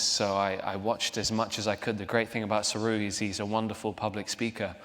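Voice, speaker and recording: A young man being interviewed on a stage, voice somewhat low and chatty, often laughing at himself. His voice rings through a large hall with a long reverb. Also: little pitch movement, quick pace, few pauses, a bit bright. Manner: chatty, laughing, self-deprecating, with restarts. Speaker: actor guest. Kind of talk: onstage interview. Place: large theater hall, live audience.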